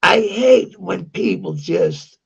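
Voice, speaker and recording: A Danish vlogger with a Danish accent rants angrily to camera, swearing and repeating himself in a heated, profane tirade. His voice is high-pitched, creaky and slow, with a breathy edge, and the recording's highs are cut off.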